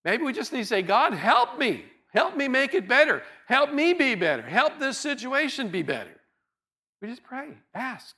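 In a church sanctuary, a male pastor preaches a sermon in an earnest, conversational style, often restarting his words and pausing for light laughs. His very high voice is very animated and sharp, at a moderate pace.

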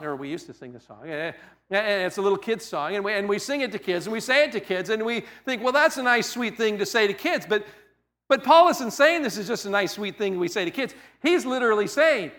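A man with a high, bright voice preaches a sermon conversationally. He stacks phrase on phrase and circles back to hammer each point home. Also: expressive, normal speed. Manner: conversational preaching, stacked repetitions and emphatic restatements. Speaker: pastor.

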